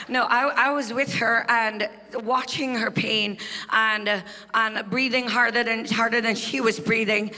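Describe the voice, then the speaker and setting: A woman's voice: a little high, steady tone, a little slow. Trinidadian woman preaching in a reverberant hall. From Trinidad and Tobago. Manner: swings from quiet confiding asides to shouted, rising testimony. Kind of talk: sermon. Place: large church hall on stage.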